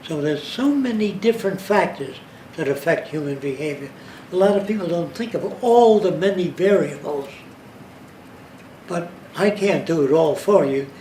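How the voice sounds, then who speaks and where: A man gives an informal lecture in a fairly high voice, explaining point by point and checking that his listeners follow. He is set back from the mic in a roomy space, with faint ambience behind him. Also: expressive, normal speed, dark tone, recorded from a distance, a little hiss or hum.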